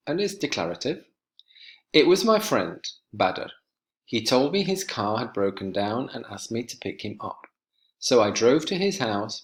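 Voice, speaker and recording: A man teaching an English grammar lesson to students, clear and emphatic as he speaks to them directly. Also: medium pitch.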